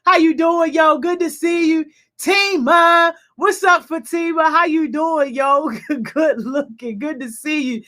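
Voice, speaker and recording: A woman with a notably high voice hosts a youth program over a video call. She talks in an energetic, slangy way, peppering her shout-outs with "yo" and frequent laughter. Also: unhurried.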